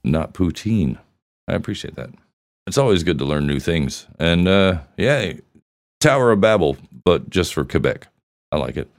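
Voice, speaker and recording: Man, podcast host, very deep voice, gravelly, lively swoops, crude jokes, dry close sound. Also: moderate pace, no room sound. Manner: joking, crude, plays soundboard clips. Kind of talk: casual banter reading voicemails.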